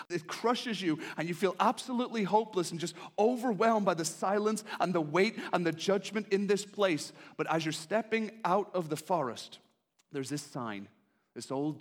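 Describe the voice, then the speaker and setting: Impassioned high-voiced male preacher. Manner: impassioned, swings from hushed to shouting; repeats pleading phrases. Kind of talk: sermon.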